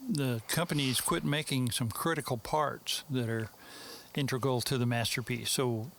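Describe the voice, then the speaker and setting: A man's voice: mid-range voice, steady tone, normal speed, vocal fry, fairly bright tone, a little hiss or hum. A man with a Texan accent, a guest in an interview, telling stories in a rambling, folksy way with many fillers. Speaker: interview guest, mastering engineer. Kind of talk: casual storytelling interview.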